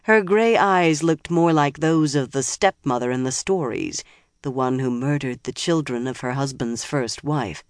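Steady, dry audiobook narrator. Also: mid-range voice, unhurried, no echo. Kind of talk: scripted fantasy narration.

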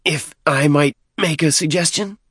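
A man voicing a small male alien deacon who is eager and scheming, shifting between eager shouting and a hushed low voice. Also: unhurried, slightly rough, no echo, clean studio sound.

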